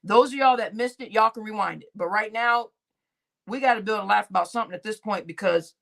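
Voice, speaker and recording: A woman's voice: medium pitch, a little fast, gravelly, a bit bright. A woman hosting a livestream, chatting casually with viewers and a co-host, laughing often and calling the audience y'all.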